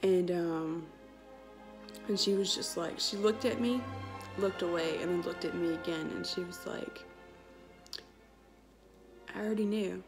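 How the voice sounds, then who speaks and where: A woman's voice: fairly low pitch, a little slow, long pauses, music in the background. A woman, telling a personal story in a casual, chatty vlog with lots of quoted dialogue. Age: 20s. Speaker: vlogger.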